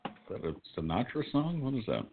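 A man's voice: medium pitch, very animated, fairly quick, gravelly, slight background noise. A man co-hosting a podcast in casual chat, mostly giving short, profane reactions. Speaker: podcast co-host. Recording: tinny phone-like sound.

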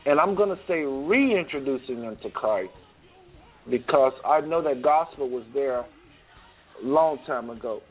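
A man hosting a call-in show, speaking fervently and preachily with many halting fillers. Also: medium pitch, lively intonation, slightly rough, faint music behind. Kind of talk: casual call-in talk. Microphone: phone. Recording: tinny phone line.

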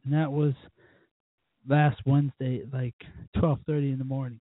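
A man hosting his own show, telling rambling, profane stories in a casual drunken way, with sudden loud bursts. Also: medium pitch, little pitch movement, moderate pace, long pauses, no echo, phone-quality sound. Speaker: podcast host.

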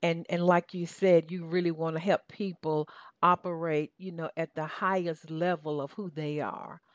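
A woman host with a Southern US accent and a lowish voice talks warmly and effusively. She often repeats words. Her voice sounds dry and close, with no room echo. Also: little pitch movement, normal speed. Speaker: podcast host. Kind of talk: interview conversation.

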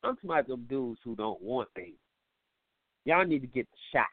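A man's voice: mid-range voice, big pitch swings, brisk, dry recording. A man hosting a call-in show, rambling and joking with lots of swearing. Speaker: show host. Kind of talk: comedic call-in show monologue. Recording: tinny phone-like line, dry.

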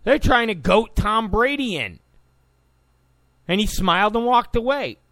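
A man delivers opinionated talk commentary in a fairly high voice that swoops up and down with lots of expression. He sounds combative and sarcastic. The sound is dry and close, with no room around it. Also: big pitch swings, a little slow, bright, forceful tone, dry recording. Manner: combative, mocks opponents in quoted voices. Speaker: political commentator.

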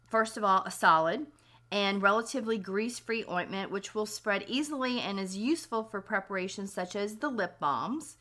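A woman hosting a podcast with a scratchy, slightly hoarse voice, explaining remedies step by step in a practical, instructional way. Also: mid-range voice, pushed and bright. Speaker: podcast host.

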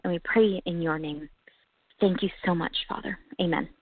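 A woman's voice: fairly low pitch, steady tone, no room sound. Earnest woman praying over a phone line. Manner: earnest, heartfelt, measured. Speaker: podcast co-host. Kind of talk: spoken prayer. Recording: tinny phone-like sound, dry.

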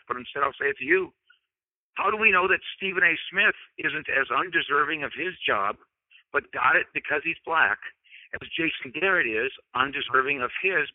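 Sports radio guy on a tinny narrow line, kinda high voice, fired up and sarcastic. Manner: emphatic, combative, sarcastic. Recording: phone-like narrow sound.

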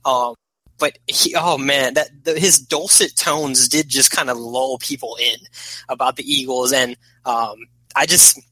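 A man's voice: a little high, sharp tone, dry recording, low-quality recording. A man talking as a podcast guest in casual chat, a rambling, opinionated sports fan.

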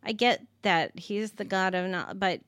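A woman's voice: medium pitch, measured pace, a bit bright, clear, resonant tone, dry recording, studio quality. A woman co-hosting a movie-review podcast, trading sarcastic jokes in casual banter. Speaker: podcast co-host.

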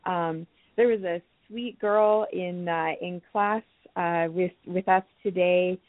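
A gentle, hesitant woman from Canada, pausing often and restarting her sentences as she explains. She comes through a thin, tinny phone line with a dry, close sound. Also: fairly low pitch, steady tone, no echo. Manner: soft-spoken, hesitant, many ums and restarts. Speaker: crystal healing teacher. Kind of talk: phone-in talk show guest.

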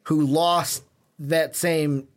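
A young man co-hosting a casual sports podcast, animated and jokey, often cutting in on his partner. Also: a little high, drawn-out words. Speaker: podcast co-host.

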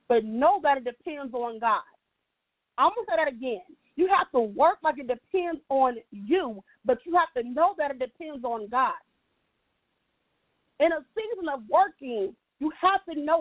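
A woman's voice: sits high, expressive, moderate pace, dry recording. Woman guest, faith-based motivational talk, emphatic and repetitive, dry tinny line. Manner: emphatic, repeats key lines, asks "right?". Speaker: guest speaker.

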